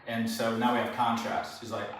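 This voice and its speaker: Male dog trainer, mid-pitched, explanatory, recorded from afar in a very echoey space. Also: level tone, normal speed. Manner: explanatory, checks in with "okay?" and "all right?". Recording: very echoey, distant mic, faint background.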